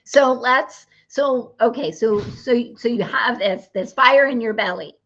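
Bubbly lady hosting a christian chat show, bright high voice, kinda muffled audio. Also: unhurried. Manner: bubbly, laughs often, affirms with "come on". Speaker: talk-show host. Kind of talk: casual faith interview chat.

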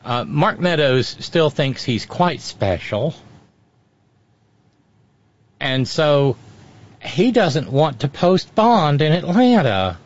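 A man's voice: on the high side, big pitch swings, takes it slowly, pauses often, dull audio. A man giving wry, storytelling commentary as a regular on a radio talk show, often restarting his sentences.

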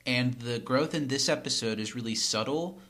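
A man's voice: medium pitch, normal speed, fairly bright tone. Male podcast co-host, casual episode recap, teasing and analytical. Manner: teasing, analytical, chuckles often.

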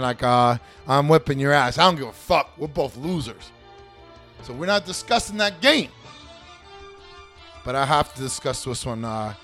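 A man hosting a fantasy football league recap, talking casually with sarcastic, profanity-heavy rants about the teams and players. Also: fairly high pitch. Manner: animated, swears a lot, sarcastic rants. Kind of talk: casual profane sports commentary.

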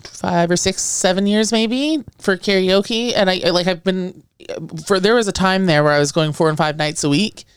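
A woman with a lowish, smooth voice chats playfully as a podcast guest. The sound is dry and close, with no room echo. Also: moderate pace. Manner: chatty and playful. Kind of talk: casual chat.

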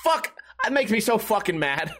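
Raspy-free, higher-pitched man rambling casually. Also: expressive, normal speed, a bit bright. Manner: rambling, profane, self-mocking. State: sweating in a hot room. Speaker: podcast host. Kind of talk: casual storytelling monologue.

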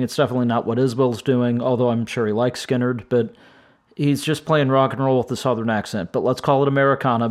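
A middle-aged man hosting a music podcast, reviewing albums in a casual, enthusiastic and rambling way, tired and breaking off now and then to chuckle. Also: medium pitch. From St. Louis, United States. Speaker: podcast host.

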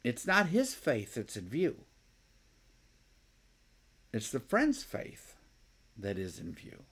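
A man's voice: medium pitch, wildly swooping pitch, slow pace, fairly bright tone, breathy edge. A man preaching a sermon, thinking aloud, with rhetorical questions and frequent restarts. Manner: acts out the scribes' objections.

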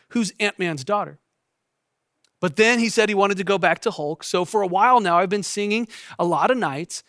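A man in his thirties, a pastor, giving a sermon in a gentle, intimate storytelling way that often sinks to a soft hush. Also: high-pitched, a little fast, no echo, clean studio sound.

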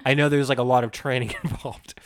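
Casual podcast co-host, male, rambling and wry, mid-pitched. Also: little pitch movement, fast, no echo. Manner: rambling, filler-heavy, wry. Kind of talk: casual movie chat.

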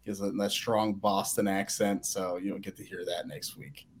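A man co-hosting a sports podcast, talking quickly and eagerly in casual chat, often restarting his sentences. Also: sits low, flat delivery, a little hiss or hum. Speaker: podcast co-host.

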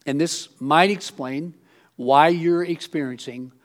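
Pastor, high-pitched male voice, loose conversational sermon delivery, animated asides. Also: slow. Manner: conversational preaching, many fillers and restarts; rising animated when mimicking others. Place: auditorium.

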